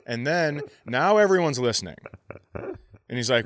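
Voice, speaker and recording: A middle-aged man tells a comic story on a podcast, swearing freely and acting out other people's lines in a raised voice. His pitch is medium for a man. The sound is dry and close. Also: normal speed, no room sound. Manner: animated, profane, acts out quotes in raised voice. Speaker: podcast co-host. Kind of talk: casual comedic storytelling.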